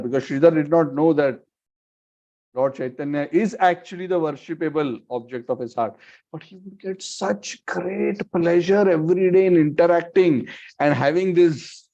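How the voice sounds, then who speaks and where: A man tells a devotional story in a loose, conversational way, with plenty of "you know" fillers. His voice sits a little high, and the recording is dull and lo-fi. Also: a little mellow. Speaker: devotional speaker.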